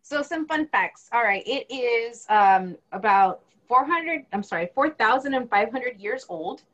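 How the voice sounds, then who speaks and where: Chatty laughing woman, fairly high voice. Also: lively intonation, measured pace, a bit bright, dull audio. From United States. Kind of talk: casual podcast chat.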